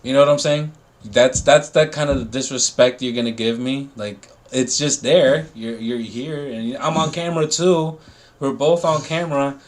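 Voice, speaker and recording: A man's voice: medium pitch, normal speed. A man co-hosting a podcast in casual chat, making his points with emphasis and repetition. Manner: emphatic, repeats himself.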